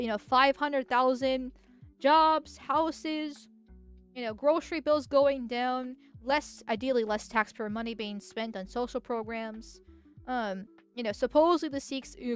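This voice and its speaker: A woman streamer giving casual commentary on posts, thinking out loud and restarting her sentences often. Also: on the high side, clear, resonant tone. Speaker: political streamer.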